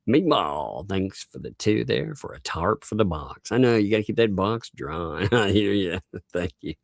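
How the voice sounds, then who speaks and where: A man's voice: fairly low pitch, expressive, a little slow, vocal fry, no echo, studio quality. A male livestream host in casual chat, reading out viewer donations and laughing constantly between remarks.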